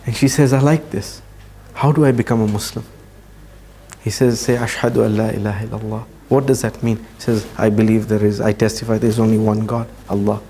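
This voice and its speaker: A man giving a religious talk, telling a story earnestly and slowing down for emphasis. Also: fairly low pitch, steady tone, warm tone, a little hiss or hum. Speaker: Islamic speaker.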